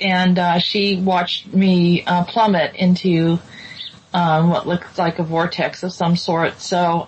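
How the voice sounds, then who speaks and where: A woman's voice: fairly low pitch, husky. A woman hosting a casual talk show, speaking hesitantly with many ums and restarts. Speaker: host. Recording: dull lo-fi sound with faint noise.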